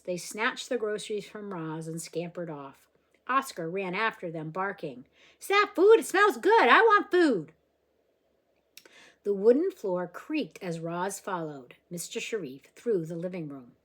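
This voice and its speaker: A woman reading a children's novel aloud, expressive and gentle, with small slips here and there. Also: fairly low pitch. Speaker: reader.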